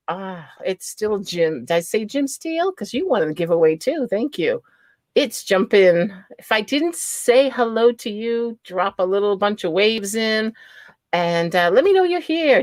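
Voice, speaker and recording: A woman's voice: a little high, no room sound. Chatty New England woman streamer. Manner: chatty, greets viewers by name, laughs often. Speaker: livestream host. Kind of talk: casual livestream chat.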